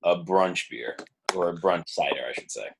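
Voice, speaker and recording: A man's voice: deep voice, moderate pace, gravelly, background noise. A young man co-hosting a beer review podcast, laid-back in casual chat and laughing often. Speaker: podcast co-host reviewing beers.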